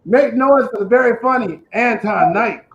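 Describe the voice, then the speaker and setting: A man's voice: very high voice, normal speed, a bit bright, muffled recording. A man with a lisp hosting an online comedy show, telling profane stand-up jokes and laughing at his own lines. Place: house in Detroit.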